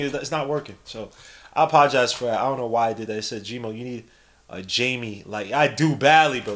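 A young man hosting a podcast, giving casual live play-by-play and reading the chat aloud in an animated, slangy way. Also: mid-range voice, fairly quick. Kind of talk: casual live-stream commentary.

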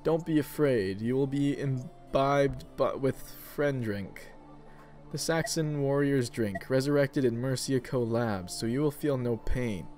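A man's voice: unhurried, soft background music, close to an everyday voice. Silky, seductive, speechifying villain, voiced by a man. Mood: condescending. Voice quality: deep, silky and almost seductive. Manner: pompous, speechifying, grows louder. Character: silky, menacing male villain with grand plans.

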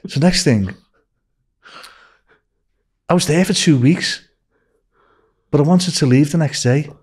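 A man's voice: a little high, slow pace, a little mellow, slightly rough. An older man with a Scouse accent from Liverpool, a guest telling rambling anecdotes and acting out what people said. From Liverpool, England. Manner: rambling anecdotes, acting out quoted dialogue, frequent "you know". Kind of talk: casual storytelling interview.

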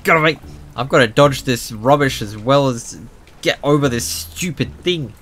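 A young man hosting a gaming channel, giving jokey, excitable commentary that bursts into loud yelps. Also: mid-range voice, normal speed. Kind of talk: gameplay commentary.

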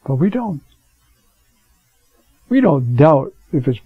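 A priest giving a conversational teaching sermon, with rhetorical questions and frequent fillers. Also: male voice, a little high, big pitch swings, slow, warm tone, slightly rough, no room sound. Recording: dull lo-fi recording.

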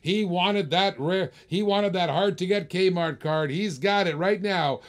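A man's voice: high-pitched, a little slow. A man hosting a live-stream auction, calling bids with playful, teasing, hyped-up patter. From Australia.

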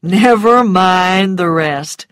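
A woman voicing a self-assured, mocking grown man in a storybook reading, speaking calmly in a low, quiet murmur. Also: very slow, dry recording, clean studio sound. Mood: cool. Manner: calm, low and teasing, dropping to a murmur.

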